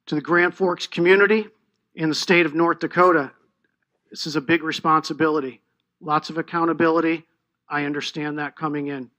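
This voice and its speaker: Man, new athletic director at a podium, earnest and repetitive, bright, slightly high voice. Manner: earnest, with restarts and emphatic repetition. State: emotional, voice catching. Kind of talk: introductory press conference speech.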